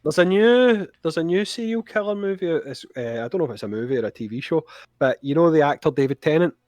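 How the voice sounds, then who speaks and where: A Scottish man chatting as a podcast guest over a call, talkative and quick to laugh. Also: a little high, animated, darkish tone, no echo. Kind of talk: casual chat.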